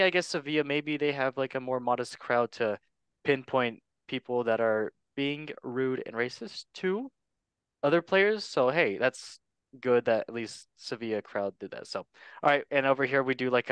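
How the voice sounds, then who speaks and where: A man's voice: medium pitch, no room sound. Playful man hosting a sports chat. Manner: playful, jokey, swings between loud and quiet asides. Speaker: host. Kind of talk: casual comedic sports chat.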